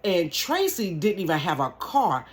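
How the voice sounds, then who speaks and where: A woman in her bedroom, telling a personal story to camera in an animated, folksy way and calling viewers "y'all" and "honey". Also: lowish voice, a little slow. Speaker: vlogger. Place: home bedroom. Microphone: camera at close range.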